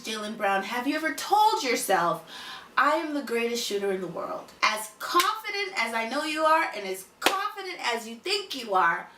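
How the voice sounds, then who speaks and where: A woman's voice: fairly high pitch, pushed and bright, echoey room, distant mic. A woman giving an emphatic, repetitive motivational address to a single listener. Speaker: motivational speaker.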